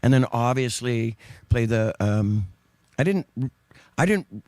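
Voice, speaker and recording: A man's voice: medium pitch, lively intonation, takes it slowly, darkish tone, dry recording. A man in easy conversation, telling anecdotes in a loose, rambling way. He stops to correct himself and laughs often. His voice sits in a middle register and is recorded close and dry, with no room sound. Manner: rambling, self-correcting storyteller with frequent laughs. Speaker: guest singer. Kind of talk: casual chat.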